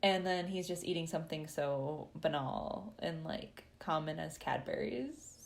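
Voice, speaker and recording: Chatty low-voiced woman recapping. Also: measured pace, vocal fry, few pauses. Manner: chatty, laughs often, says "like" a lot. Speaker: podcast host. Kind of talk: casual chapter recap.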